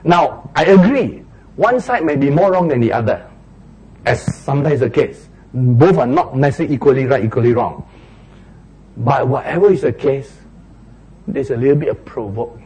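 A man's voice: medium pitch, animated, normal speed, a little mellow, poor audio. A man, preaching a sermon and acting out little street quarrels in raised voices.

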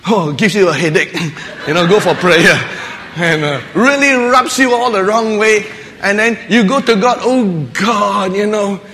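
A man delivers a light-hearted sermon in a notably high voice, laughing often and slipping into little acted voices. His words ring out with the long reverb of a large hall. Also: fairly bright tone. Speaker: preacher. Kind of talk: humorous sermon.

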